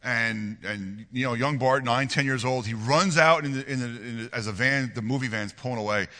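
A man in his forties preaching a sermon and telling a personal story, earnest and animated, often restarting and repeating words. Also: medium pitch, moderate pace, big-room sound. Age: 40s. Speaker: pastor.

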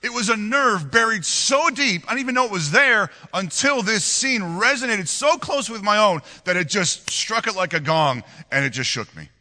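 Earnest and full of stumbles and repeated words, a pastor in his forties shares a personal story from the pulpit. His high, very bright, ringing voice is expressive and swings widely up and down at normal speed with few pauses, echoing with a long hall reverb.

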